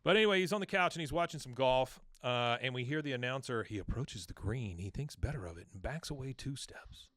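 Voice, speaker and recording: A man's voice: medium pitch, animated, fairly quick, few pauses, a bit bright, no echo, clean studio sound. A man hosting a podcast, recapping an episode in a playful casual chat. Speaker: podcast host.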